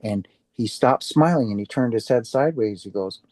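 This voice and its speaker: A man with a mellow, warm voice tells his story as an interview guest, animating the back-and-forth and stumbling into quick restarts. The sound is close and dry, with no room around it. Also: mid-range voice, dry recording. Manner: animated, acts out quoted dialogue with restarts. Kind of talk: casual storytelling.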